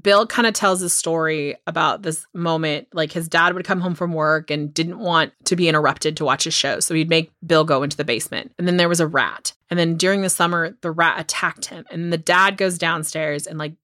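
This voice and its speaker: Podcast co-host, woman, low-pitched, chatty and profane, dry close sound. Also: brisk, few pauses, no room sound. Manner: chatty, swears freely, acts out quotes in lively voices. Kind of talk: casual chat recapping a film.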